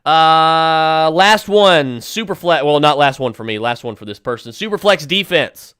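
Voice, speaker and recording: A man's voice: on the high side, expressive, measured pace, a bit bright, smooth, dry recording, clean studio sound. A man hosting a podcast and firing off fantasy football advice, with emphatic, decisive picks broken up by fillers and restarts. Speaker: podcast host answering listener questions.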